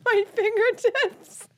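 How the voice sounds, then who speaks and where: A woman's voice: very high voice, steady tone, extremely slow, fairly bright tone. A young woman co-hosting a podcast, telling a story in casual chat and laughing through it until she is close to tears. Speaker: podcast co-host.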